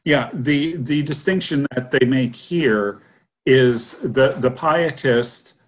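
Man explaining methodically. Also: mid-range voice. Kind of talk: casual discussion.

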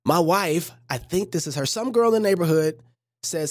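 A woman's voice: fairly low pitch, normal speed, no echo, clean studio sound. A woman hosting a livestream, giving casual reaction commentary with joking, preachy asides. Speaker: livestream host.

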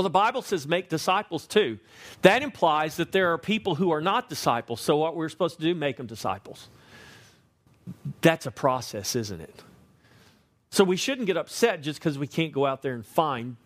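A man preaching a sermon, emphatic, slowing to stress key words and asking the congregation questions. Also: a little high. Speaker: pastor.

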